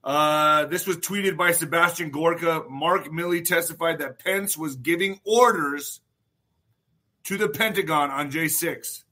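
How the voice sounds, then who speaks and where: Emphatic bright-voiced man hosting a stream. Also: fairly high pitch. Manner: emphatic, repeats phrases; swears freely. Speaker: show host. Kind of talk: casual livestream talk.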